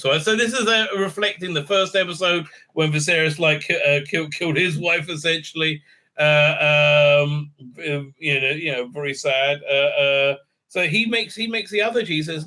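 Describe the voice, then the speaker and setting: Speaking at a normal speed, a middle-aged man who reviews TV shows gives a loose, casual rundown of an episode. He keeps restarting and using filler sounds, sinking to a low tone and then springing up excitedly.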